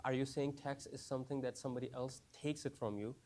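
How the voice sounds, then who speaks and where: A man's voice: mid-range voice, steady tone, fast, darkish tone. Man teaching a class, asks many questions. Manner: repeats phrases, frequent "right?" and "you understand?". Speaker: teacher of a class for new Muslims.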